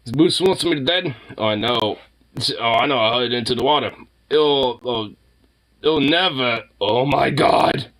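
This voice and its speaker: A young man vlogging in a casual, rambling way who coos at his dog in high baby talk. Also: a little slow, fairly bright tone. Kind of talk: casual chat.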